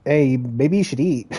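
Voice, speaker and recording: A man chats casually while he plays a video game, rambling and joking. His voice sits a little high and swings widely in pitch, breaking into frequent giggling laughter. He talks slowly and without hurry. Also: dark tone, breathy edge. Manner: easygoing, rambling. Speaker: gamer. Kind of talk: casual gameplay chat.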